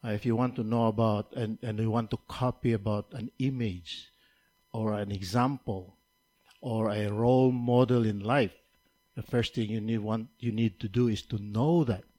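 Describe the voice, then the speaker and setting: A man preaching a sermon, who repeats key points and builds from quiet, measured teaching to raised, emphatic preaching. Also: fairly low pitch, steady tone.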